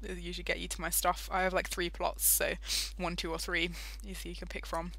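Young British woman, bright voice, dry close mic, chatty let's-play host who giggles and wanders off topic. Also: lowish voice, little pitch movement, a little fast, vocal fry, dry recording. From Britain. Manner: chatty, giggly, easily sidetracked. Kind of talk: casual gameplay commentary.

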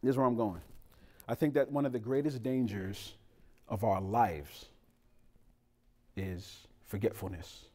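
A man preaching a sermon as pastor, telling funny family stories in a casual, colloquial way and talking straight to the congregation. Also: on the low side. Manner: animated, joking storytelling with a casual, colloquial delivery; talks directly to the congregation.

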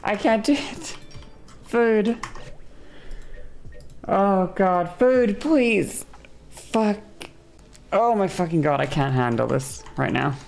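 A woman's voice: medium pitch, expressive, takes it slowly, gravelly, long pauses, slight background noise. A woman streamer in casual live-stream chat, exasperated and swearing as she vents. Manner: exasperated, swearing, venting loudly.

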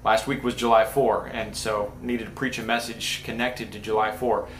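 Male pastor, relaxed chatty preaching, restarts often, roomy church sound. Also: fairly low pitch, normal speed, a little hiss or hum. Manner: casual and talky, with many restarts and asides. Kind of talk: conversational sermon. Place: church sanctuary. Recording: echoey church room.

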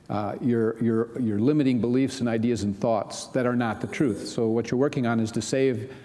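A man's voice: medium pitch, mellow. Conversational male pastor in a reverberant hall. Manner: conversational, many "you know" asides. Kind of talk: sermon.

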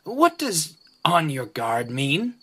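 A man's voice: fairly high pitch, wildly swooping pitch, slow pace, fairly bright tone, husky, pitched above the performer's own voice, heavily acted. A man voicing a cheeky, know-it-all little male engine twin who talks down to his brother. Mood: puzzled. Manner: snorting, bossy.

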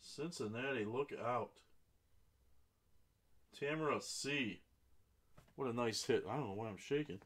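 Slow-paced man hosting a card break. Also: medium pitch, husky. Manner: reads out cards and buyers' names, bursts into excited exclamations. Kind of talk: live card break commentary.

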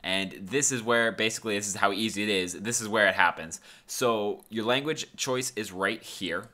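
A man hosting a casual screen-recorded software tutorial, talking in a laid-back, rambling way with lots of fillers. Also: lowish voice, moderate pace. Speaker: tutorial host.

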